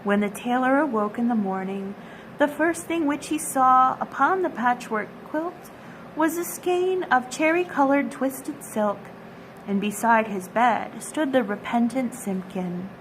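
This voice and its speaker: A woman reading a classic children's story aloud at a storytime, gentle and expressive. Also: on the high side, unhurried, slight background noise, poor audio. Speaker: storytime reader.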